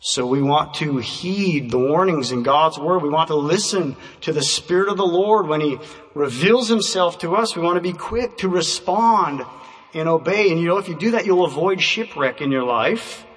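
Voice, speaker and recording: A man preaching a sermon, telling illustrations in a measured, emphatic way that slows down to stress key phrases. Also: fairly high pitch, fairly bright tone. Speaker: pastor. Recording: distant voice in a reverberant hall.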